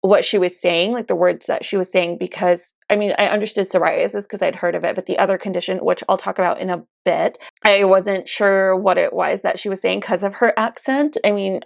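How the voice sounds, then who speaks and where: A young woman talks to her camera while doing her makeup, in a casual get-ready-with-me chat. Her voice sits in a middle pitch with a strong gravelly fry, and she confides in her viewers with plenty of "like" and "you know.". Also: steady tone, fairly quick, few pauses, dry recording, studio quality. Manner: chatty, confiding, many fillers like "you know" and "like". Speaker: beauty vlogger.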